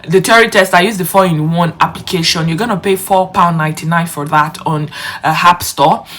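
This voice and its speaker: A woman's voice: lowish voice, fairly quick, fairly bright tone. A young woman, talking to her viewers in a chatty, casual vlog. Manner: chatty, addresses viewers directly. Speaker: vlogger. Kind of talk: casual vlog talk to camera.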